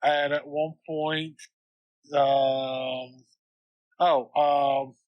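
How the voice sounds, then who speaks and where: A man's voice: level tone, extremely slow, dry recording, muffled recording. Playful man co-hosting a podcast. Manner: playful, acts out quotes in high voices. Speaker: podcast co-host. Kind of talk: casual movie recap chat.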